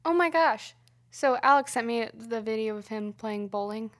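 A woman's voice: fairly high pitch, moderate pace, a little hiss or hum. A woman co-hosting a podcast in casual comedic chat, riffing playfully and laughing often. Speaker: podcast co-host.

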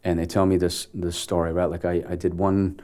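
A man in his forties, an actor guest, telling stories earnestly in an interview, with halting restarts. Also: sits low, level tone, a little mellow. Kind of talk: conversational storytelling interview.

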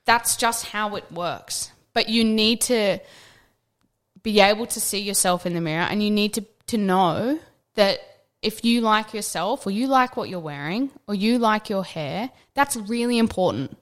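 A young woman talks earnestly in a casual podcast chat. Her voice sits in a middle pitch. She tells stories with lively acted-out quotes and swears now and then. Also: a little slow.

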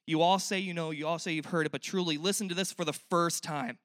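A man's voice: fairly high pitch, steady tone, fast, hardly any pauses, a bit bright, no room sound, clean studio sound. A young man preaching a sermon in a church, earnest and conversational, often asking the listeners questions. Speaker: pastor.

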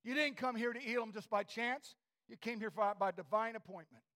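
A male preacher giving a fervent sermon in a church, swinging from shouts to near whispers. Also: high voice, fairly quick.

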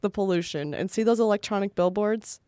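A woman's voice: mid-range voice, fairly quick, dark tone, no echo, studio quality. A woman co-hosting a podcast in casual chat, wry and joking, often laughing mid-sentence. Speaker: podcast co-host.

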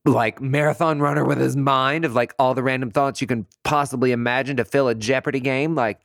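A man hosting a podcast on his own, telling a story casually and with animation, swearing freely and jumping up in pitch to make a point. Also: a little fast, creaky, few pauses, dry recording, studio quality. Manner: animated, chatty, swears freely, jumps high in pitch for emphasis. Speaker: podcast host.

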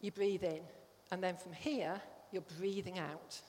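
A woman's voice: lowish voice, fairly even intonation, measured pace, darkish tone, slight background noise. A woman giving a conversational sermon to a congregation, often checking that they follow. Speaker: church speaker. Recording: long hall reverb.

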